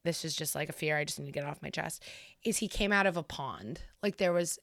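A woman's voice: low-pitched, brisk, fairly bright tone, no room sound, studio quality. Profane woman telling a scary story. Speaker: podcast co-host. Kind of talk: casual storytelling chat.

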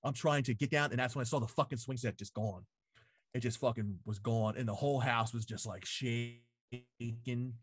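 A man's voice: medium pitch, steady tone, normal speed, slightly rough, no room sound. Swearing man telling a story, dry close sound. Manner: profane storytelling full of "like" fillers. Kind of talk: casual chat. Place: home basement.

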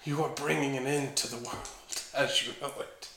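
Brief: calm, wry adventurer hero, voiced by a man, dry and measured, bright voice, roomy room sound. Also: mid-range voice, creaky, slight background noise.

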